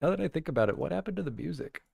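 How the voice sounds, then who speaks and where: A man's voice: a little high, lively intonation, racing, creaky, a little mellow, husky, no echo. A man hosting a podcast live on stream, chatting loosely and swearing as he reads chat aloud. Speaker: podcast host.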